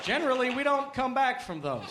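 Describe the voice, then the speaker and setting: A high-voiced man doing stand-up on stage, with a punchy, animated delivery that bursts into shouts. A roaring audience and steady noise sit under his voice in this live recording. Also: a little fast. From United States. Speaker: stand-up comedian. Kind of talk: stand-up comedy set. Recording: live show with loud crowd and noise.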